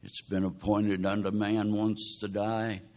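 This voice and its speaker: A man's voice: fairly low pitch, flat delivery, a little slow, a little mellow. A man preaching a sermon, telling a dramatic story and pleading with his listeners. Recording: dull lo-fi recording.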